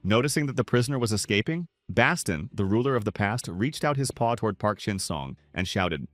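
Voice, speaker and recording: A man narrates a comic story recap in a low voice. His pitch is animated and his delivery steady and dramatic. The sound is dry, with faint music underneath. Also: fairly quick, hardly any pauses, no echo.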